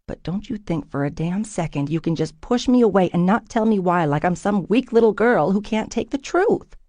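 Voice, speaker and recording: A woman voicing a headstrong young woman fighter who talks forcefully and raises her voice, in an audiobook. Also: mid-range voice, expressive, moderate pace, dry recording, close to an everyday voice. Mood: defiant.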